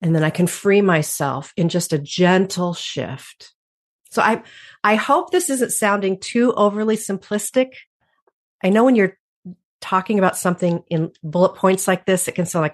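A woman's voice: medium pitch, moderate pace. A woman guest in an interview, speaking reflectively and laughing often. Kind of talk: conversational interview.

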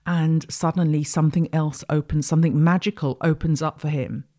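Here the astrology podcast host's deep, mellow voice keeps a steady tone at a fairly quick clip. She offers a rambling, reflective spiritual monologue in a casual style, restarting frequently.

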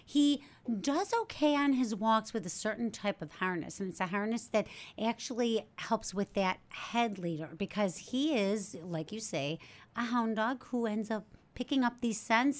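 A woman's voice: medium pitch, normal speed. Animal shelter spokeswoman, casual chatty guest, enthusiastic, restarts a lot. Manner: chatty, self-correcting, enthusiastic. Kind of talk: casual studio interview.

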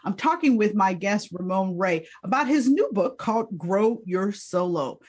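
A woman hosting a business podcast in casual interview chat, upbeat and quick to laugh. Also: medium pitch, lively intonation, darkish tone, husky. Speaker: podcast host.

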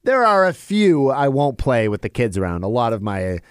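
A man in casual podcast chat, telling family stories with lots of laughter and jumping up in pitch for quoted voices. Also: normal speed, smooth, no echo, clean studio sound. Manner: animated storyteller, laughs often, jumps high for quoted voices. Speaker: podcast co-host.

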